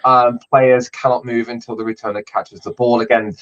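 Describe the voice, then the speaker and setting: Male podcast host, relaxed chatty delivery full of fillers; middling voice, dull recording. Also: mid-range voice, moderate pace. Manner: explains rules with many fillers. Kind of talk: casual sports podcast chat. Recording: slightly dull lo-fi audio.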